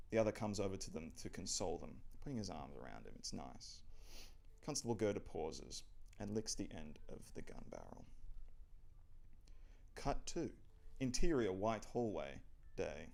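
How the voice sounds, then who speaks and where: Man with a lively, dramatic reading voice. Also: fairly low pitch, gravelly. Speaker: channel host reading his script.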